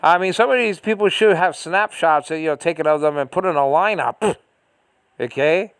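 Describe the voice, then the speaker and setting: A man's voice: on the high side, normal speed, clear, resonant tone, dry recording. An American man ranting in a casual home monologue, exasperated and repetitive, full of fillers and restarts. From United States. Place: small room at home.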